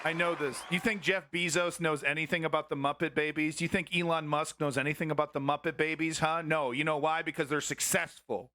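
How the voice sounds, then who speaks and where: A man's voice: a little high, steady tone, a little fast, hardly any pauses, sharp tone, some chatter behind. Laughing, rambling male stream host. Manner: laughing, rambling, self-mocking. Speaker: live stream news host. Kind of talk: casual live stream commentary.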